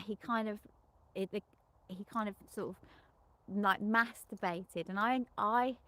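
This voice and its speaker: A middle-aged sex therapist with a medium-pitched, pushed and bright voice recounts a client session at a measured pace. She rambles loosely, restarting and correcting herself often, and is frank and unembarrassed about explicit topics.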